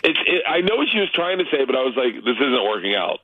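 A man's voice: fast, no echo. Laughing storyteller man on a dull line. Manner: loose, laughing storyteller, big pitch jumps when excited. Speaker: comedian guest. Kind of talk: casual radio interview by phone. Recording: muffled lo-fi line.

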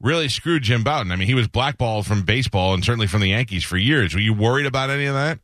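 A man's voice: mid-range voice, lively intonation, fast talker, fairly bright tone, no echo. Radio host: joking, middle-aged man from New York, dry studio sound. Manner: joking, laughs often. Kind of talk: casual radio interview.

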